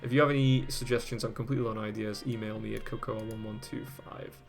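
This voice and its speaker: A man's voice: on the low side, fairly even intonation, fast talker, gravelly, faint music behind. A man hosting a video, reading old web pages aloud and chatting about them with casual amusement, often laughing and swearing. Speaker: host.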